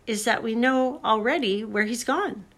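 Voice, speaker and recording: A woman voicing an earnest, anxious male beaver in a storybook, speaking gravely with drawn-out, emphatic words. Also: on the high side, voice pushed up.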